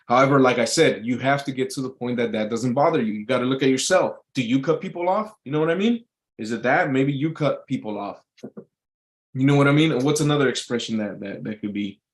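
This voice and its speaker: A man of medium pitch talks off the cuff to his live viewers. He rambles and swears freely, circling back with plenty of uhs and false starts. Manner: rambling, profane, full of fillers and restarts. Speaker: YouTube livestreamer. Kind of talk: casual rambling monologue. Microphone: live stream mic.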